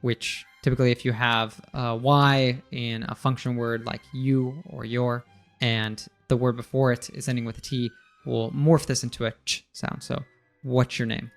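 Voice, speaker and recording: A man's voice: mid-range voice, little pitch movement, normal speed, soft background music. A man teaching English, explaining pronunciation in a casual chat and laughing easily. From United States.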